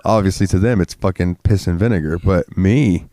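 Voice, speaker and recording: Very deep-voiced sick man ranting. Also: moderate pace, dark tone, dry recording, clean studio sound. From Florida. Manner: profane, rambling, gets worked up ranting. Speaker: podcast co-host. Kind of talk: casual chat.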